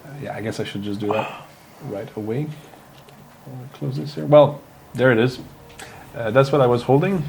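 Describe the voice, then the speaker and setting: A man hosts a casual game livestream, rambling and halting as he plays. His talk is full of fillers and restarts. Faint background noise sits under the voice. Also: mid-range voice, creaky. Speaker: livestream host. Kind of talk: casual gameplay stream chat.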